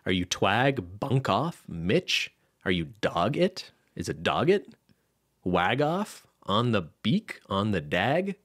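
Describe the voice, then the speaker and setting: A man with a Canadian accent co-hosting a podcast in relaxed, playful chat, teasing and laughing often. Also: lowish voice, takes it slowly. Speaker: podcast co-host. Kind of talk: casual chat.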